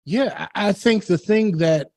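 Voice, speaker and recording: Radio host, male, slightly high voice, blunt, dry studio sound. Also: unhurried, gravelly, a little mellow, dry recording. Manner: blunt and opinionated, laughing between points. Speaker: radio talk show host. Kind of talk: political talk radio chat.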